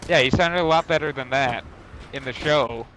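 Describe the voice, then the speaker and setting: A young man talks casually over a game stream, drifting through a long story, swearing and restarting his sentences. His voice sits at an ordinary, middle pitch. A clear layer of background noise runs under the recording. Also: moderate pace. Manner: rambling, profane storytelling with self-corrections. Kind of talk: casual chat while gaming. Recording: noisy stream audio.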